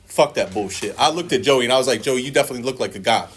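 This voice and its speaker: A man's voice: mid-range voice, animated, very fast, crowd noise. A man speaking at a recovery meeting, sharing his personal testimony in a blunt, profane, storytelling way and acting out other people's lines.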